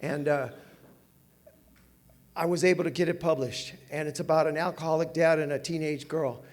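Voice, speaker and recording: Brief: older man, Southern California, high-pitched, lively self-mocking recovery-meeting storyteller who laughs a lot. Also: moderate pace. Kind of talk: personal storytelling talk. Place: meeting hall with audience.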